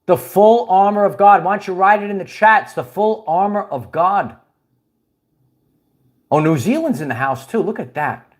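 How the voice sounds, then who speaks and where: A man's voice: high voice, moderate pace. A man hosting a casual spiritual livestream, rambling with many restarts and chuckles while he greets viewers and reads their comments. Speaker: livestream host.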